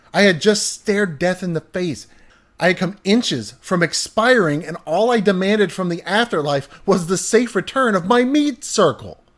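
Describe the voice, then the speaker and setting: A man reading aloud a friend's funny childhood story, with an animated, hyperbolic delivery that swings from hushed to loud. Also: sits high.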